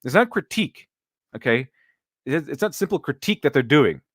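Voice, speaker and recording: A man's voice: fairly high pitch, very animated, a little fast, no room sound, studio quality. A man hosting a casual live stream, rambling with many restarts and mocking critics sarcastically.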